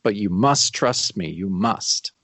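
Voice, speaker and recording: A man voicing a confident young woman with powers, reading her lines earnestly in his own low voice. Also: expressive, slow, fairly bright tone, no room sound, full character voice. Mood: insistent.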